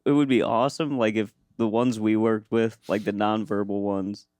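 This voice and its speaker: A young man co-hosting a podcast in a casual chat, making deadpan quips. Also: fairly low pitch, normal speed, no echo. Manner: deadpan quips, acts out mock-threatening voices. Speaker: podcast co-host.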